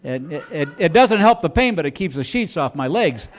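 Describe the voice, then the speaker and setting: A man performs stand-up on a comedy club stage, his voice sitting a touch high for a man. He rambles through his stories and banters with the crowd, now and then breaking into loud, exaggerated voices for his bits. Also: normal speed. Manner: rambling, animated storytelling, bursts into loud put-on voices.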